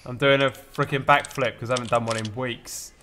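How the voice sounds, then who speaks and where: A man's voice: mid-range voice, steady tone, fairly quick, pushed and bright, slight background noise. A man chatting casually as a player in a tabletop game, joking and laughing often.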